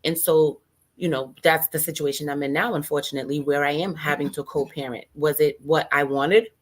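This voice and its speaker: A young woman with a low-pitched voice speaks her mind on a podcast. She is frank and emphatic, leaning hard on her points. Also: steady tone, brisk. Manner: frank, emphatic, laughs easily. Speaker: podcast co-host. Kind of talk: casual chat.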